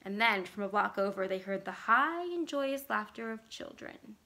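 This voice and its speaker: Bright-voiced woman reading a horror story. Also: medium pitch. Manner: measured, expressive storytelling. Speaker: library staff reader. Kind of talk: horror story read aloud.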